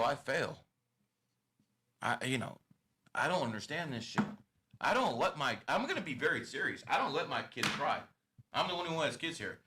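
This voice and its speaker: Guy on a podcast, mid pitch, cussing a lot, lecturing people straight up. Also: sharp tone, a little hiss or hum. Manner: blunt, profane, lecturing. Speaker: podcast host giving life advice. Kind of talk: casual podcast talk.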